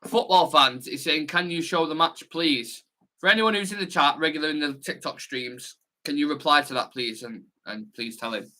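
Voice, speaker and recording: Young manc lad hosting a footy watchalong, chatty and excitable, bit high and bright. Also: male voice, normal speed, hardly any pauses. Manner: chatty and excitable, reads comments aloud; brash, swears casually. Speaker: football watch-along host. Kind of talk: casual live-stream chat.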